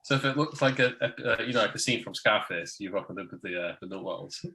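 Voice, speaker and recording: A man hosting a loose, jokey chat show, his voice bright and forward. He laughs easily and ribs his co-hosts as they talk. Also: lowish voice, low-quality recording. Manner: laughs often, quick and teasing. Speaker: podcast host. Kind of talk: casual chat.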